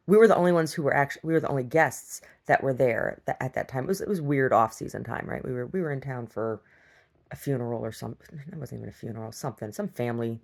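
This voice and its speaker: Low-voiced woman with a gravelly edge. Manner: laughs often, acts out quoted voices, many restarts. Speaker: video diary vlogger. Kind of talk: rambling casual storytelling.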